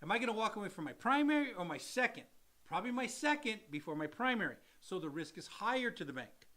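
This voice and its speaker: A man in a casual live Q&A, explaining loans with a high, bright voice. He acts out little examples and repeats phrases for emphasis. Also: big pitch swings, fast talker. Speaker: mortgage loan officer co-hosting a live show.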